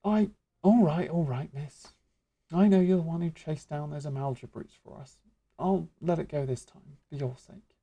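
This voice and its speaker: A woman voicing a gruff male street merchant who blusters loudly but softens quickly. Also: low-pitched. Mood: blustering. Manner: blustering, loud, folksy.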